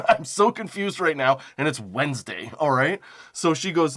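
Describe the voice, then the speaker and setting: A young man hosts a comedy podcast, speaking at a moderate pace in a fairly high voice. He rambles through a profane personal story, frequently laughing at himself and animatedly acting out phone calls.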